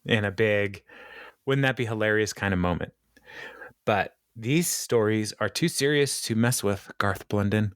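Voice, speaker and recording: A man's voice: fairly low pitch, measured pace, clean tone, no room sound. A man co-hosting a podcast, casually recapping a sitcom episode with playful jokey asides. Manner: playful, jokey asides, dips into mock voices. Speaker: podcast co-host.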